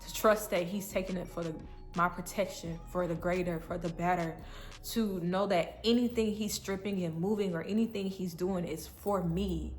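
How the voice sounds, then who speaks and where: Soft music plays behind a woman whose voice is lowish and steady, moving at a moderate pace. She is a faith vlogger telling her viewers a heartfelt personal faith story, repeating herself earnestly and shifting between crying and laughing.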